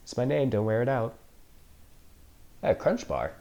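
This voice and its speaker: A man's voice: medium pitch, very animated, moderate pace, gravelly, warm tone, dull audio. A man reacting to a movie for the first time, joking, sarcastic and swearing freely as he comments. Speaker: film reaction host.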